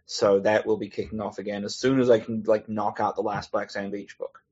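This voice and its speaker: A man chats as a podcast guest, his voice husky and a little breathy. He rambles through stories, stumbling over restarts and laughing as he goes. The audio is dull and lo-fi. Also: on the low side, level tone, brisk, darkish tone. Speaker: podcast guest, comic author. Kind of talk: casual chat.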